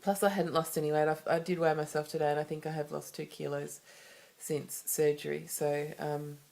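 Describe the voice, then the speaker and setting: Low-voiced Australian woman, rambling and candid. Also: flat delivery, moderate pace, creaky, a little mellow. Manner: rambling, candid, many restarts and asides. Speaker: vlogger. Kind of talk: confessional personal vlog.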